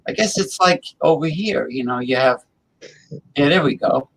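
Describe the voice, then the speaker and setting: Rambling talk-show man, somewhat high voice. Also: moderate pace, gravelly, fairly bright tone, poor audio. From New Jersey. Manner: rambling, with many fillers and restarts. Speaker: co-host. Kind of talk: casual chat.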